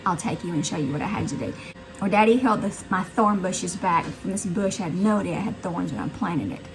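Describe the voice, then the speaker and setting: A middle-aged woman from the Southern US with a Southern accent, chatting to viewers as she tells a story in her vlog, animated and talkative. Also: lowish voice, brisk, music in the background, poor audio. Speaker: vlogger. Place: her house, indoors and out.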